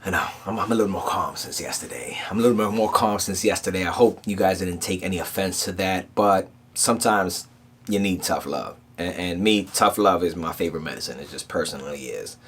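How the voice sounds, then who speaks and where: A man's voice: low voice, fairly quick, husky. A man hosting a casual motivational talk, telling stories in a loose, streetwise way and often checking in with "right?". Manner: streetwise, animated storytelling with frequent "right?". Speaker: motivational podcast host.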